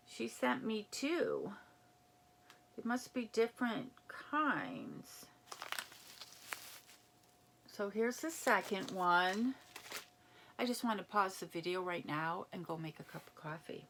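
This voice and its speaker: A woman chatting casually as she unboxes a gift package, reading labels aloud and reacting with excitement. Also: medium pitch, slow, creaky, long pauses, noisy background. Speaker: unboxing vlogger. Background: crinkling packaging.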